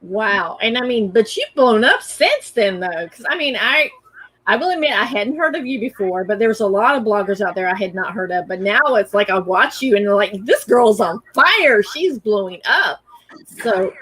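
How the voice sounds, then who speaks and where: A woman's voice: medium pitch, expressive, brisk, a bit bright, breathy edge, dry recording, rough recording. A woman hosting a casual interview, asking friendly, enthusiastic questions. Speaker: host.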